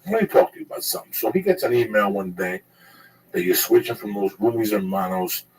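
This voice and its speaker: A man's voice: lowish voice, sing-song, fast talker, a little mellow, distant mic, slight background noise, rough recording. A man telling a rambling, profane story in casual chat, laughing at his own tale.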